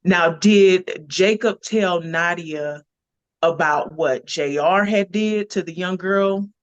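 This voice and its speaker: A woman's voice: lowish voice, slow, no echo. A woman actress guest in a casual interview, talking earnestly and expressively and thinking aloud. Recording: dull, muffled lo-fi audio.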